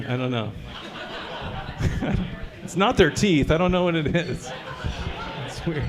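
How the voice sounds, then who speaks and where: A man with a high voice performs stand-up at a brewery showcase. He talks crude and casual, keeps checking in with the audience, and delivers his set in a chatty way. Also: a bit bright. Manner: crude, conversational, quizzing the crowd. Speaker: stand-up comedian.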